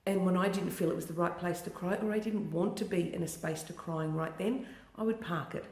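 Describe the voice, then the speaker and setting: A tapping coach guides listeners through a session of spoken affirmations, repeating each phrase slowly and gently. The voice sits at a middle pitch. The recording carries a roomy echo. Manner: slow, repetitive, soothing phrases. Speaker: EFT tapping practitioner.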